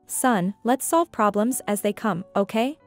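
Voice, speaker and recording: A woman voicing a gentle, hurt middle-aged divorced mother in a read-aloud story, speaking in a soft, measured way. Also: mid-range voice, expressive, faint music behind, lightly acted.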